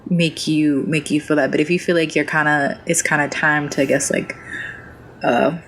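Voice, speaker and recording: A woman's voice: low-pitched, fairly even intonation, moderate pace, fairly bright tone, slight background noise, poor audio. A woman streamer chatting casually as a podcast guest, rambling with many fillers and restarts.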